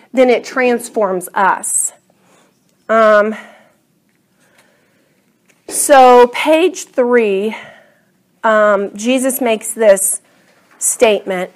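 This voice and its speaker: A woman's voice: on the high side, extremely slow, pauses often. A middle-aged woman teaching a class Bible study, earnest and enthusiastic, often drawing her words out.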